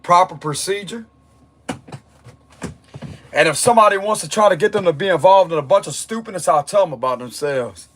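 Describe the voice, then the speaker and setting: A man with a high voice gives a tarot reading at normal speed, leaving long pauses. He is blunt and forceful, repeating his points while his voice strains.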